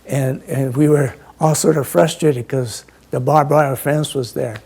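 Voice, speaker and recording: A man in his eighties recounting childhood memories in an interview, halting and full of fillers. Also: mid-range voice, fairly even intonation, vocal fry, a little mellow, slightly rough.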